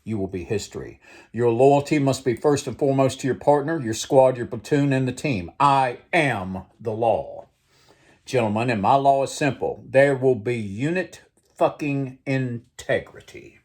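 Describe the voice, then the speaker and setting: A man's voice: medium pitch, darkish tone, husky. Man reading as a ruthless military commander. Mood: threatening. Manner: blunt, threatening, deliberate. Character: ruthless male military commander addressing recruits.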